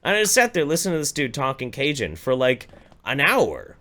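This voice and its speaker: Co-hosting a live-streamed podcast from a home studio, a man tells a loose, animated story and acts out voices for the people in it. His mid-range voice runs a little fast in this casual storytelling chat.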